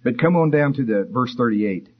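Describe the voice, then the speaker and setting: A man preaching a sermon, explaining scripture in a conversational way and rising in pitch for emphasis. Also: expressive, normal speed, husky, narrow, tinny audio. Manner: expository, conversational, rises for emphasis.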